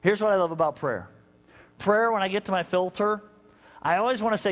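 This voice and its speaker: Animated male pastor in a reverberant hall. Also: high-pitched, a little fast, pauses often. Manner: animated storytelling, acts out conversations. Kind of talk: sermon. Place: church sanctuary.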